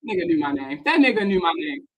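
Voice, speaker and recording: A woman's voice: fairly low pitch, very animated, quick pace. Young woman, finance creator, angry profane rant, slightly winded. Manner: heated, profane, emphatic. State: out of breath. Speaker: personal finance content creator. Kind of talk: ranting reaction vlog.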